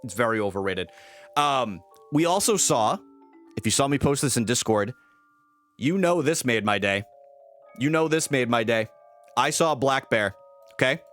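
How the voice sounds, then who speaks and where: A man's voice: medium pitch, lively intonation, normal speed, pauses often, a bit bright, soft background music. A young man chatting casually on a live stream, greeting viewers and rambling with fillers.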